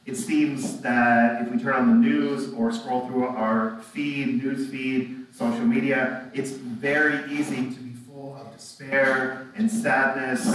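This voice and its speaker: Man, pastor, slow unhurried sermon, very echoey room, distant mic. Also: mid-range voice, flat delivery. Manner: reflective, asks rhetorical tag questions.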